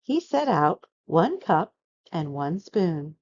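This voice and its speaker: A woman reading a children's picture book aloud, narrating with expressive, dramatic storytelling. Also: lowish voice, slow pace, lo-fi sound.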